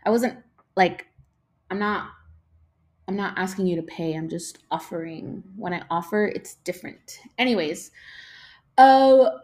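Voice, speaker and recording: A woman's voice: medium pitch, measured pace, long pauses, darkish tone. A young woman hosting a casual podcast, rambling, swearing a lot, losing her train of thought and yawning as she talks. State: yawning, tired. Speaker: podcast host.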